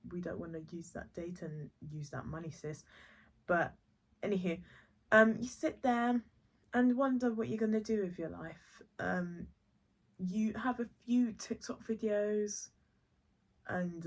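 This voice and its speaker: A young woman improvising a second-person story for her podcast, chatty and rambling, correcting herself with casual asides. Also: fairly low pitch. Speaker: podcast host.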